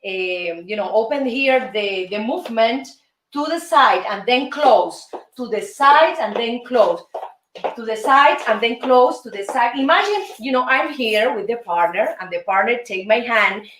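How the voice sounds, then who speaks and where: A woman's voice: fairly high pitch, animated, a little slow, a bit bright, a little hiss or hum. A woman from Cuba with a Cuban Spanish accent, hosting and teaching salsa steps, counting beats aloud in an upbeat, coaxing way. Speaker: host and dance teacher. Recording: roomy sound from a distant mic with music playing.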